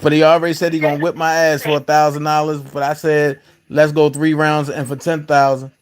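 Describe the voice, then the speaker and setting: A man's voice: a little high, little pitch movement, brisk. A man with hosting a live call-in stream, joking and boastful in casual chat.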